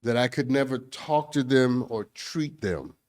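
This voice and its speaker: A man co-hosting a casual talk show, speaking in a measured, earnest way and slowing to stress points. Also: medium pitch, a little mellow. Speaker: co-host. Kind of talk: casual chat.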